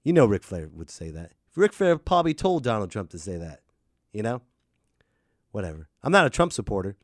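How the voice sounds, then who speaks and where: Animated, ranting male podcast host. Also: on the low side, a little fast, no room sound, studio quality. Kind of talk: casual solo podcast rant.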